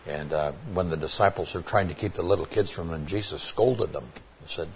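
A man's voice: low voice, fairly quick, slight background noise. A man preaching a Bible sermon, earnest and plainspoken, often restarting his words with fillers.

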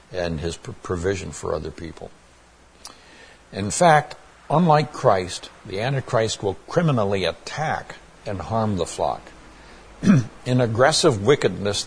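A man's voice: sits low, a little hiss or hum. A man preaching a Bible sermon, earnest and plainspoken, often restarting his words with fillers.

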